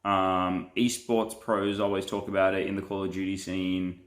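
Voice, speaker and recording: Playful man with a low voice. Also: flat delivery, moderate pace. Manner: playful, joking, laughs often. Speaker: pastor and live streamer. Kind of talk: casual live-stream chat reading viewer comments.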